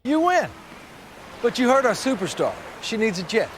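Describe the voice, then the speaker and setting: An actor playing a firm, teasing country father in a film, with a dry, steady delivery. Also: very high voice, moderate pace, a little hiss or hum.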